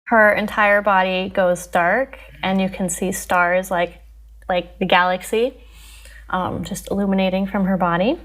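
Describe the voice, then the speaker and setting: A woman's voice: medium pitch, steady tone, measured pace, fairly bright tone. A woman playing a tabletop game, talking hesitantly with many fillers. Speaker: player. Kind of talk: casual tabletop game play.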